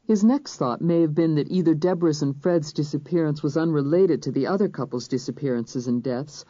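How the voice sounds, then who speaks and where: An audiobook narrator reading a crime thriller in first person, measured and even. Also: mid-range voice, dry recording. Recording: dull, dry studio recording.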